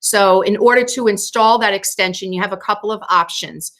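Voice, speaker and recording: A woman's voice: medium pitch, a little fast, fairly bright tone. Lady teacher trainer losing her voice, chatty step by step, video call mic. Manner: explains steps casually with fillers. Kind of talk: screen-share training session.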